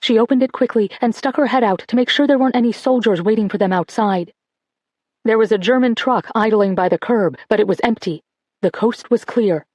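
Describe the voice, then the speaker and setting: A woman narrating an audiobook in a measured, expressive reading. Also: a little high, no echo.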